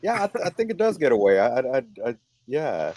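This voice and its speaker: A man's voice: mid-range voice, sing-song, fairly quick, a little mellow, dry recording. A man co-hosting a casual movie discussion, mostly agreeing and chiming in briefly. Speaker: co-host.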